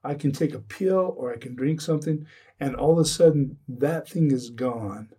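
An earnest man talks with a mellow, slightly husky voice, circling back and restarting his sentences as he makes his point. He sits a bit back from the microphone, so the sound is a little distant. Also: mid-range voice, normal speed. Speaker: addiction recovery speaker. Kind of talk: earnest podcast conversation.

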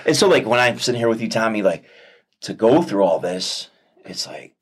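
A man with a low, deep voice speaks as a guest in an interview, sharing a heartfelt personal testimony. He talks earnestly and reflectively, pausing often and restarting his sentences as he searches for the right words. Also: big pitch swings, husky.

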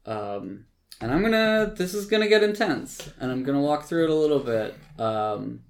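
A man's voice: fairly high pitch, lively intonation, normal speed, vocal fry. A man hosting a podcast, casually recapping a film in a rambling way, full of likes and ums, with occasional swearing. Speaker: podcast host.

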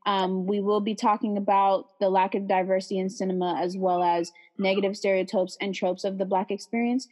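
A woman's voice: mid-range voice, fairly quick. Chatty young woman podcast co-host. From San Francisco Bay Area. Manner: relaxed, chatty, many fillers and likes. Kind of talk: casual podcast chat.

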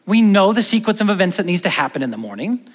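A man preaching a sermon as pastor, animated, moving between loud stresses and hushed emphatic lines, in a church hall. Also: high voice, fast. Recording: long church-hall reverb.

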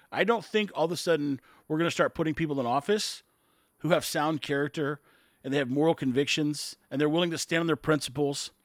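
A man's voice: on the high side, no echo, clean studio sound. An American man and business owner ranting bluntly about politics to camera, exasperated and emphatic. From United States. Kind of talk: casual political rant to camera.

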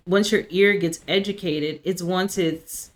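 A woman's voice: fairly low pitch, fairly even intonation, unhurried. A woman hosting a casual conversation, thoughtful and full of "you know" fillers. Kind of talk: casual chat.

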